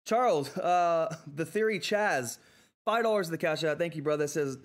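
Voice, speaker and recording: A man's voice: a little high, moderate pace. A man hosting a live stock-trading stream, flustered and effusive, thanking viewers again and again and laughing often. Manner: excitable, flustered exclamations. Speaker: livestream host reading viewer chat. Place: seated in a chair at home.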